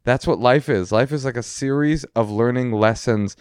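A man's voice: medium pitch, moderate pace, darkish tone, clean tone, no room sound. A man co-hosting a podcast as a comedian, rambling through stories with jokey, ironic asides on a close mic. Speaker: podcast co-host, stand-up comedian. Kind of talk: casual comedic chat.

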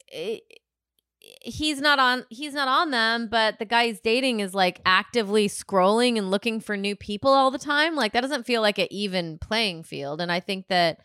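Frank woman podcast co-host, smooth voice. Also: a little high, sharp tone, dry recording, studio quality. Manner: frank, questioning. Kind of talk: casual advice chat.

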